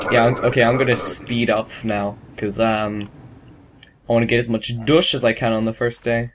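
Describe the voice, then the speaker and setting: A man's voice: mid-range voice, fairly even intonation, normal speed, noisy background. A man hosting a casual let's-play video, chatting freely and swearing as he goes. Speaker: gaming video host. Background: game music.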